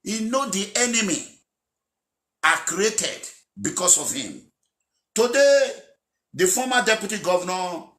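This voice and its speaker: Bright, emphatic politician. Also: male voice, on the high side, roomy sound. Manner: aggrieved, emphatic. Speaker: aggrieved politician. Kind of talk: recorded speech.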